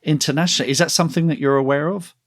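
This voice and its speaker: A man's voice: on the high side, steady tone, racing. A man hosting a podcast, chatting casually and reading out listener questions. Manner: conversational, reads out listener questions. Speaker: podcast host. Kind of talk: casual interview chat.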